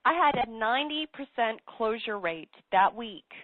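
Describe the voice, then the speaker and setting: A woman's voice: fairly high pitch, expressive, normal speed, no echo. An earnest woman tells her story as an interview guest and presses her points by repeating them. She comes through a narrow, tinny phone line. The sound is dry, with no room around her. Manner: earnest and emphatic, repeats key phrases. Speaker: business coach and author, interview guest. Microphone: telephone.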